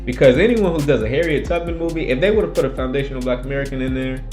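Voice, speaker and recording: A man's voice: medium pitch, very fast, darkish tone, faint music behind. Emphatic man hosting commentary. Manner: emphatic, argumentative, repeats points. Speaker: commentary channel host. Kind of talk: opinionated casual commentary.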